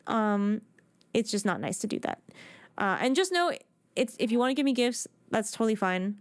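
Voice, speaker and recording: A woman in her thirties chats casually with viewers on a live game stream, excitable and often restarting her sentences. Her medium-pitched voice moves at a normal speed, with no room sound.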